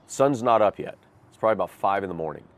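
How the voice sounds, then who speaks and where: Fast and expressive, his fairly low-pitched voice carries a guest's testimony about a hard time in his life. He recounts it vividly, with earnest self-deprecation and rueful laughter.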